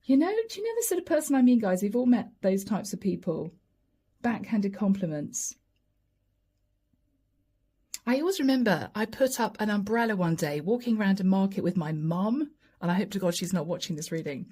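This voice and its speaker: A woman's voice: mid-range voice, brisk, slightly rough. A woman giving a chatty tarot reading to camera, slipping into quoted voices. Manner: lively, chatty, often acts out quoted voices and asides. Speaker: tarot reader.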